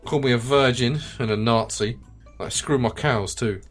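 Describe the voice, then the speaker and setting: A man's voice: medium pitch, normal speed, a bit bright, faint music behind, lightly acted. A man reading the lines of a bitter, self-pitying, middle-aged widowed farmer in a video game, resentful and defensive in tone. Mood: aggrieved. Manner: resentful, defensive, plain-spoken.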